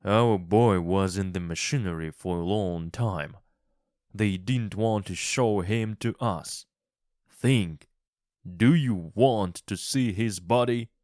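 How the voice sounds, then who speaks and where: A man's voice: lowish voice, takes it slowly, a little mellow, no room sound, clean studio sound. A man doing a tired, frightened old husband. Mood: urgent. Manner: firm, pleading warnings.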